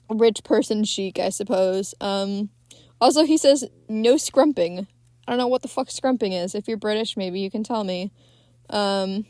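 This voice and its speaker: A woman's voice: fairly high pitch, darkish tone, no room sound. A young woman hosting a podcast, recapping a film in a rambling, casual way with lots of fillers and swearing. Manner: rambling, many fillers, swears freely, frequent laughs. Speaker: podcast host.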